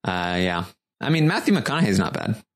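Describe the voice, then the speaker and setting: A man's voice: lowish voice, sing-song, normal speed. A man co-hosting a casual movie podcast, talking in a dry, wry, offhand way. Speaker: podcast co-host. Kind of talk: casual chat.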